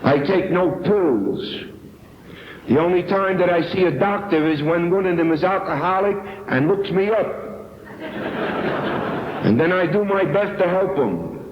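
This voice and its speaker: A man's voice: sits high, lively intonation, a little slow, long pauses, background noise. A man from New York giving an earnest, emphatic personal testimony at a recovery meeting. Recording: echoey, dull 1970s tape recording.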